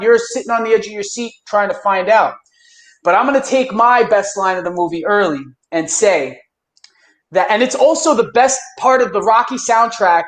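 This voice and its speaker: A man hosting a casual movie review podcast, excitable and swearing, acting out lines from the films. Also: sits high, echoey room. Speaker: podcast host.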